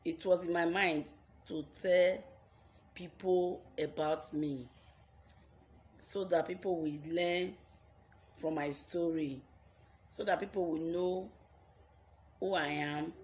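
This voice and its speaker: A woman's voice: sits low, steady tone, takes it slowly, pauses often, darkish tone, a little hiss or hum. A young Nigerian woman with a Nigerian accent telling her own life story on her vlog, earnest and repeating phrases for emphasis.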